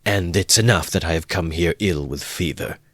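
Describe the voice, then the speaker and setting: A man voicing a poor, feverish young student who answers back slowly and stubbornly in a storybook reading. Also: low-pitched, no echo. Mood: defiant. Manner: faltering, then defiant.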